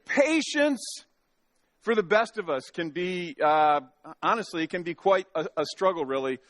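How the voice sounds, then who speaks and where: Man, pastor, folksy and joking in the pulpit, fairly high voice, dry close sound. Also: animated, normal speed, a bit bright, no echo. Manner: folksy and joking, with many restarts. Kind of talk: sermon. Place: church sanctuary.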